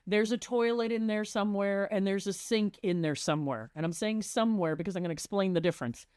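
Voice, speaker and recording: A woman's voice: mid-range voice, fast, a little mellow, smooth, dry recording, clean studio sound. A woman who works as a residential designer, chatting on a podcast and animatedly acting out conversations with clients.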